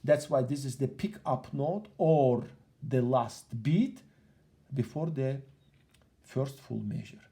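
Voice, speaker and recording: Slow, patient piano teacher in an echoey room. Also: male voice, mid-range voice, dark tone. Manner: patient, repetitive explaining with counting aloud. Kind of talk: piano lesson. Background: piano playing.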